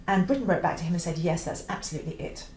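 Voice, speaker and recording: A woman teaching the oboe, talking through a piece with clear, emphatic explanations and the odd sung phrase. Her voice carries in a roomy space with a faint hiss behind it. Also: lowish voice, animated, rapid-fire, darkish tone. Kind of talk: instructional explanation.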